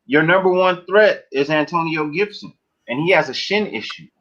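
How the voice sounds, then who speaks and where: A man's voice: fairly high pitch, lively intonation, normal speed, a bit bright, lo-fi sound. A man hosting a live sports stream in a laid-back, casual way, often saying "you know what I mean.".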